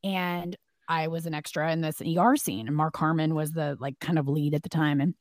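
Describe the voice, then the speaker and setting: A woman co-hosting a podcast, telling stories in a casual, animated way and acting out what people said. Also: sits low, moderate pace, no room sound, clean studio sound. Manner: animated storyteller, acts out quotes. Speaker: podcast co-host. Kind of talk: casual chat.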